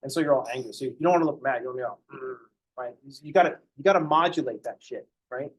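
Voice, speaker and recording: A math professor lectures his class in a joking, conversational style, acting out the noises students make while thinking. He talks very fast at a medium pitch with a breathy edge, and the recording is dry.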